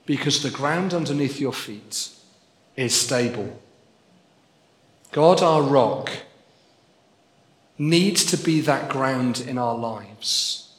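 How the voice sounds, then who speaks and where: A man's voice: mid-range voice, a bit bright. A man preaching a sermon, earnest and building to emphatic repetition. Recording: echoey hall with long reverb.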